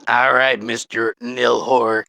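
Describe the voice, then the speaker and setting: A man's voice: mid-range voice, little pitch movement, slow, creaky, pushed and bright, no room sound. A man playing in a tabletop game, talking hesitantly with a lot of uhs. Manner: hesitant, full of fillers. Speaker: player. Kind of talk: casual tabletop role-play.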